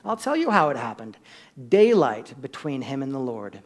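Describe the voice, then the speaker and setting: A man preaching a sermon, shifting from quiet asides to loud, emphatic peaks and questions to the congregation. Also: medium pitch, big pitch swings, moderate pace. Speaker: pastor.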